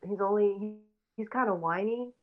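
A woman's voice: medium pitch, normal speed. A woman co-hosting a casual podcast, talking in a rambling, opinionated way with lots of fillers. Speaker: podcast co-host. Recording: tinny phone-like line.

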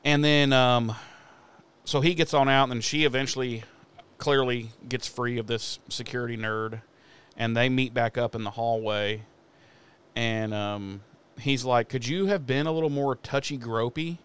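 A podcast co-host recaps a TV episode in a casual, profane chat, swearing freely and acting out the characters' lines. His mid-range voice is clear and resonant, his pace moderate, and his manner animated.

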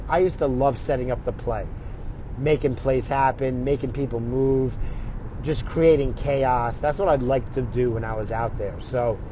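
A man's voice: mid-range voice, normal speed, warm tone, a little hiss or hum. A middle-aged man telling a story in a casual, profane way, acting out what other people said in his own voice.

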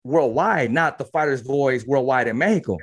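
A man's voice: mid-range voice, lively intonation, moderate pace. A man hosting a boxing podcast who asks questions earnestly and often stumbles and repeats words. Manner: earnest, repetitive, stumbling restarts. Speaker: podcast host. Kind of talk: casual interview.

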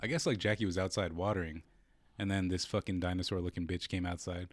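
A young podcast co-host with a low voice tells a story at a quick clip in profane, casual chat, energetically acting out the quotes. There's no echo.

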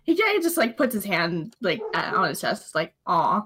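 Woman player: casual, rambling, lots of fillers, mid-pitched voice. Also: wildly swooping pitch, moderate pace, fairly bright tone. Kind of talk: tabletop game play.

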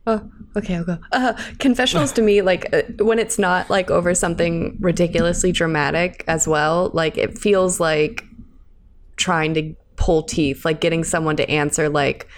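A woman's voice: on the low side, fairly even intonation, normal speed, slight background noise. A woman in casual podcast chat, easygoing and wry.

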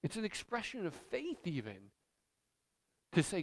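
A man's voice: sits high, wildly swooping pitch, a little slow. A man preaching a sermon as pastor, speaking in an emphatic, conversational way.

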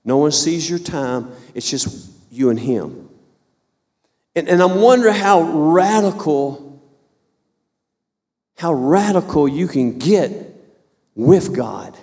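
A man's voice: fairly high pitch, sing-song, slow, pauses often, a little mellow, in a large hall. A man in his fifties preaching a fervent sermon, repeating and restarting phrases as he builds. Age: 50s.

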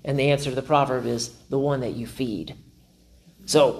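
With a gravelly, medium-pitched voice at a moderate pace, this pastor delivers a sermon before a live congregation, lively and often playing out his own inner thoughts in a self-deprecating way.

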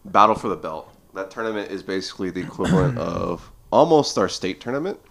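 Deep-voiced young man, chatty guest. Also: fairly quick, vocal fry, a little hiss or hum. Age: 20s. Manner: lively storyteller, heavy filler "like". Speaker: podcast guest. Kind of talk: casual chat.

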